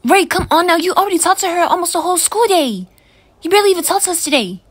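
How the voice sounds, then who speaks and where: A woman voicing a shy teenage girl in an audio role-play, soft and hesitant. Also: mid-range voice, fast, breathy edge, dry recording, lightly acted. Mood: complaining. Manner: soft, hesitant, often hushed.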